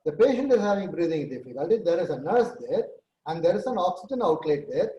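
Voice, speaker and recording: A man, a senior nurse leader on a talk show, explaining with lively case stories and acted-out quotes. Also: sits high, fast talker, roomy sound, dull audio, slight background noise. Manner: animated storyteller, acts out quoted dialogue. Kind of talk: conversational talk-show answers with examples.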